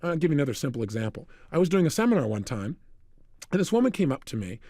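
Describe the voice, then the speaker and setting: A man giving a motivational talk, telling energetic stories and acting out the dialogue. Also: a little high, fast, no echo, studio quality. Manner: energetic, storytelling, acts out dialogue. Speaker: motivational speaker.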